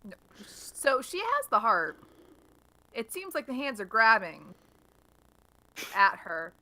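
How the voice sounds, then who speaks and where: A woman playing a tabletop game, her voice bright and a little tense. She speaks slowly and rambles, unsure of her next move. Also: a little high, sing-song, low-quality recording. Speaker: player. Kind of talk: tabletop play.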